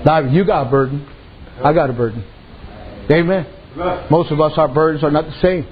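A man's voice: a little high, normal speed. A man preaching a sermon, telling folksy stories and dropping repeated amens. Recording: dull lo-fi recording.

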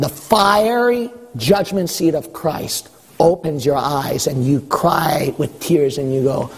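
High-voiced husky male preacher. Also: slow, in a large hall. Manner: preaching with rising emphasis, teasing the congregation. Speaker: pastor. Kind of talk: sermon.

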